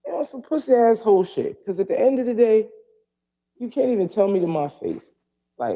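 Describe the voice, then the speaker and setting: A man hosting a podcast, telling a story in a casual, profane and animated way and acting out the dialogue. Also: high voice, a little fast, dull audio. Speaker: podcast host.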